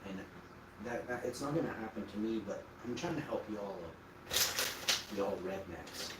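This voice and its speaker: A man talks loosely and bluntly, drifting from one thought to the next with offhand swearing. He sits well back from the mic in an echoey room, with steady noise behind him. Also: fairly low pitch, normal speed. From Manitoba, Canada. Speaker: vlogger. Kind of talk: casual rambling monologue to camera. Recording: roomy, distant mic, noisy background.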